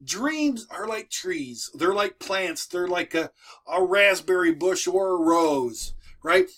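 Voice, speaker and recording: A man with a high, bright voice gives a casual motivational talk to camera. He repeats himself and restarts phrases in a folksy way. He is recorded at home. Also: lively intonation, slow pace. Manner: repetitive, folksy, restarts often. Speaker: moving business coach and video host. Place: at home with dogs nearby.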